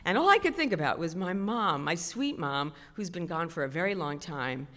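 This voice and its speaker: A woman's voice: on the low side, moderate pace. Middle-aged lady spinning a funny story, voice jumps all over, big echoey hall. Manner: animated, chatty, self-mocking. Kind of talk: stand-up storytelling. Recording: long hall reverb.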